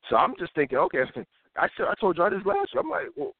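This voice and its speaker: A man in his thirties hosts a live talk show, ranting with a lively, animated voice that swoops up and down. He now and then mocks people in put-on voices. The sound is thin and phone-like, with no room echo. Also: high voice, fast talker. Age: 30s. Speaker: host.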